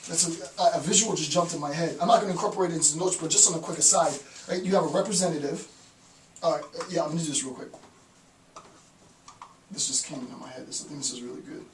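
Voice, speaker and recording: A man's voice: on the high side, fast talker. Man lecturing from across an echoey room. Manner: rambling, frequent "right?" tag questions, restarts. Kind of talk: informal recorded lecture. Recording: roomy echo from a distance, faint noise.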